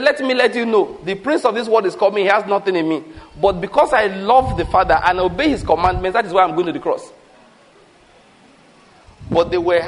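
A man preaching a sermon, animated, asking the congregation questions and calling for answers. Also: high-pitched. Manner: animated preaching with rhetorical questions and call-outs. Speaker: pastor.

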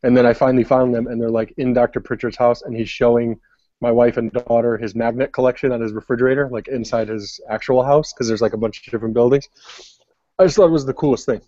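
A man's voice: mid-range voice, fairly even intonation, quick pace, mellow, no room sound, dull audio. A young adult man telling a long story in casual podcast chat, rambling with many fillers. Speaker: podcast co-host.

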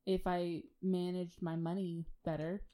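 A woman's voice: fairly low pitch, little pitch movement, unhurried, dark tone. A young woman co-hosting a podcast in casual chat, laid-back and often hesitant. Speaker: podcast co-host.

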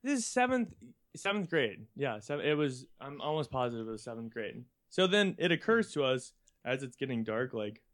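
A man's voice: medium pitch, big pitch swings, normal speed, a bit bright. A young man casually telling a rambling childhood anecdote on a podcast, often laughing as he talks. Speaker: podcast co-host.

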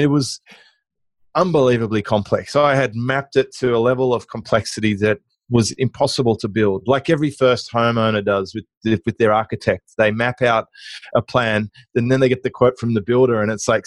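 A middle-aged man chats as an interview guest, spinning anecdotes with energy and stumbling restarts. His voice sits at an ordinary mid pitch. The recording is dry, with no room sound. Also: moderate pace, no echo. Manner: lively anecdotal, with frequent restarts. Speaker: guest, online marketing business owner. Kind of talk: conversational interview storytelling.

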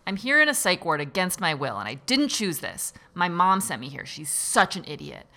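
Woman doing a hostile young psychiatric patient, educational role-play, bright tense voice, wide swings in pitch. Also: sing-song, normal speed, exaggerated voice. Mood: angry. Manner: hostile, then clingy and pleading.

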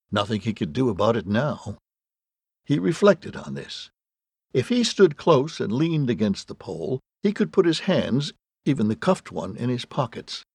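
A man narrating an audiobook with wry, deadpan storytelling and a gravelly, husky voice. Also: medium pitch, no echo. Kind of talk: scripted narration.

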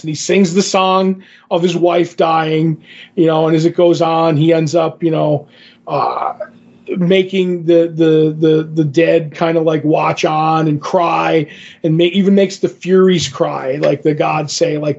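A man with a slightly husky, higher voice rambles through a comic recap, acting out the quoted lines as he goes. The podcast audio sounds dull and lo-fi. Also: flat delivery, a little slow, darkish tone. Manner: rambling, filler-heavy retelling with quoted dialogue. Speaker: podcast co-host. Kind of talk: casual comic book recap chat.

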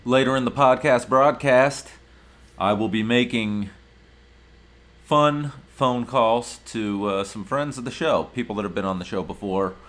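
A man's voice: mid-range voice, a little slow, fairly bright tone. A male podcast host from Ohio, ranting in a brash, profane, mock-indignant way in a casual comedic monologue.

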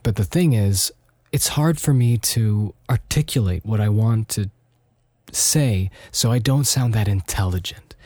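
A man's voice: fairly low pitch, unhurried, a little mellow, no echo. A young man hosting a podcast alone in casual chat, slightly nasal, rambling and self-deprecating with many restarts. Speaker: podcast host.

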